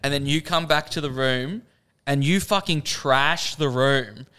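Young male co-host, smooth, clear voice, animated, swearing storyteller. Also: medium pitch, unhurried. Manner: animated, swears often, laughs through stories. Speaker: podcast co-host. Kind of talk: casual storytelling chat.

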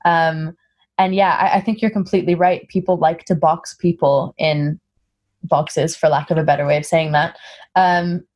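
A woman from Singapore with an American-sounding accent, speaking as an interview guest in a relaxed, thoughtful way, often pausing with fillers. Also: low voice. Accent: American-sounding English. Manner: thoughtful, frequent "um" fillers, acts out quoted exchanges. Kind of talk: casual conversational interview.

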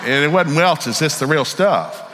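Southern preacher in a big echoing hall. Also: male voice, a little high, animated, measured pace, heavy background noise. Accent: Southern American. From Southern United States. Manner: folksy, candid, acts out voices in his stories. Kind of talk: storytelling sermon.

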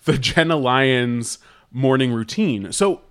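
A man's voice: mid-range voice, lively intonation, takes it slowly, a bit bright, clear, resonant tone. A man co-hosting a podcast, chatting casually in a hesitant, wry, rambling way. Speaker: podcast co-host. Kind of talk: casual chat.

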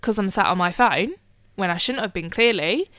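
A young woman talks in a relaxed chat. She gets animated and swears freely when she retells what happened. Her voice is bright and smooth, recorded close and dry. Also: mid-range voice, normal speed, no room sound. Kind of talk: casual storytelling chat.

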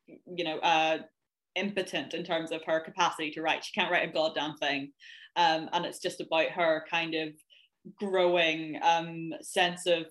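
A woman from Ireland talks about her writing as a podcast guest. She is self-mocking and loose, pausing on fillers as she goes. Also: lowish voice, a bit bright. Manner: self-deprecating, many fillers. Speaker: author guest. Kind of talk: casual chat.

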